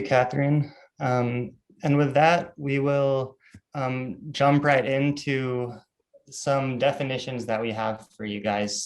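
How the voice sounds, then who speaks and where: Young male student moderator; careful, measured delivery of prepared text, a few ums; mid-range voice. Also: mid-range voice, poor audio. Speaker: student group officer, moderator. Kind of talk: reading definitions at a webinar.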